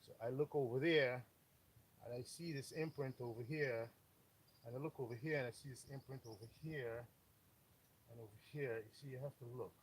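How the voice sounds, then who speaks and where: A man's voice: medium pitch, normal speed, slight background noise. Joking man explaining engine repair. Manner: joking, off-color asides. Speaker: auto mechanic. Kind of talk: casual repair how-to.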